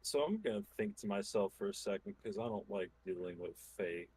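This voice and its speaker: A man speaking as a player in a tabletop game, hesitant and halting with ums. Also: lowish voice, lively intonation, a little mellow, slightly rough, rough recording. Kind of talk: casual role-play talk.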